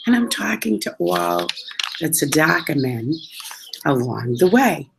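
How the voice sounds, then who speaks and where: Woman talking at home, gravelly voice, faint noise behind, chatty and animated. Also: fairly low pitch, unhurried. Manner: animated, chatty, drops in Hebrew religious words. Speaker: storyteller. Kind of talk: casual spoken storytelling.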